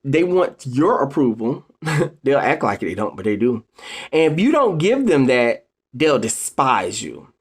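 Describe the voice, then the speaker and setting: This is a casual motivational talk delivered to camera by a video host with a medium-pitched, slightly rough voice. Animated and story-driven, the host repeatedly addresses viewers directly, leaning on emphatic, drawn-out wording.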